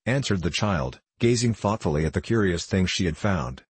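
A man with a husky voice narrating a children's story in a steady, even audiobook reading. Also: low-pitched, normal speed, no room sound.

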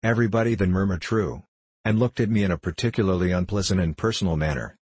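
A man reads a novel aloud in measured, first-person storytelling. His voice is low and husky, recorded dry and close with no room sound. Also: darkish tone, no room sound. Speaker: audiobook narrator. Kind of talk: scripted narration of a novel.

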